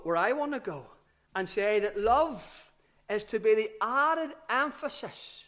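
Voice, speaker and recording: A man preaching a sermon, slow and emphatic, often repeating his key phrases and letting his voice drop low at the ends of phrases. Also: a bit bright.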